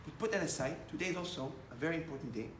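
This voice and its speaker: Animated preaching man in an echoey room. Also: fairly high pitch, very fast, slight background noise. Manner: animated, rising to loud emphatic bursts, many restarts. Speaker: rabbi. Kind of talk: sermon with storytelling.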